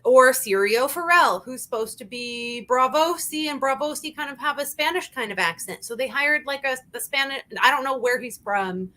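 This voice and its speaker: A woman hosting a casual review chat, talking in an animated, emphatic way and repeating her points. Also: high voice, moderate pace, few pauses. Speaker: channel host.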